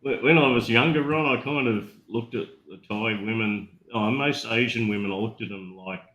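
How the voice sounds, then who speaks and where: A man's voice: lowish voice, moderate pace, a bit bright, reverberant, muffled recording. A middle-aged man, talking bluntly and swearing freely as a guest in a casual chat.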